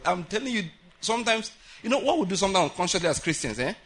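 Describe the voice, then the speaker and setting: A man preaches at a prayer meeting in a high, bright voice with a husky grain. He is animated, laughs often, and acts out the voices he quotes. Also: racing. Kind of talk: sermon.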